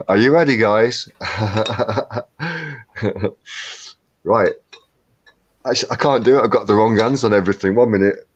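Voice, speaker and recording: A man from England with a fairly low voice co-hosts a laid-back live stream from home over a computer mic, joking, laughing frequently, and chatting slowly. The recording is muffled.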